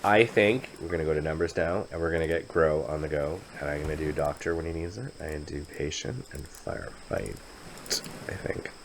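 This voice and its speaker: Low-voiced playful male game narrator. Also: fairly quick, creaky, a little hiss or hum, low-quality recording. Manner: playful, chatty, jokey asides. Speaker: game commentator. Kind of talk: narrated gameplay commentary.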